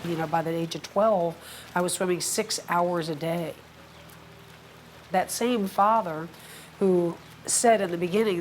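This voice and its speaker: A woman in her sixties telling stories from her life in an unhurried, reflective documentary interview. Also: on the low side, steady tone, a little mellow, a little hiss or hum. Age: 60s. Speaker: documentary subject. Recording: guitar music playing underneath.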